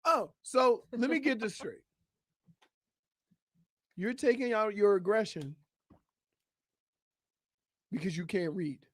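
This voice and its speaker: High-voiced teasing male radio co-host. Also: slow pace, long pauses, no room sound. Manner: teasing, needling his co-host. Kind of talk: casual sports talk radio banter.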